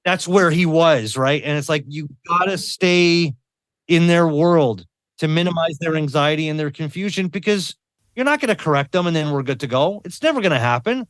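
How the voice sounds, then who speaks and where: A man's voice: a little high, normal speed, a bit bright, dry recording, clean studio sound. A man as a podcast guest talking earnestly in a casual conversation, often repeating words and adding tag questions.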